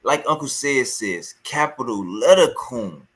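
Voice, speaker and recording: Reacting to a clip, a man speaks a little slowly in an animated, medium-pitched voice. His casual commentary is heated and scornful, and he repeats himself throughout the rant.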